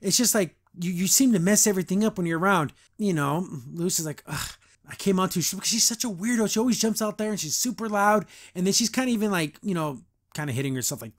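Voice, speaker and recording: Chatty high-voiced young man. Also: lively intonation. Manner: chatty, quotes characters in quick voices, frequent laughs. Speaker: podcast host reviewing a cartoon. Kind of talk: casual reaction commentary.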